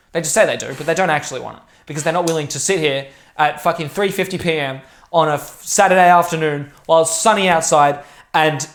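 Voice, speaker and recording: A man's voice: a little high, a bit bright. A young man talking straight to camera in a rambling, profane, intense and emphatic monologue. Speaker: vlogger.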